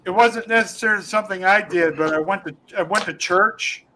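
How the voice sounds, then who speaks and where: A man with a high, bright voice, chatting as a comedian guest on a podcast. He rambles through his stories with plenty of fillers and restarts, laughing along as he goes. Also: brisk, slight background noise, low-quality recording. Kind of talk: casual podcast chat, telling funny stories.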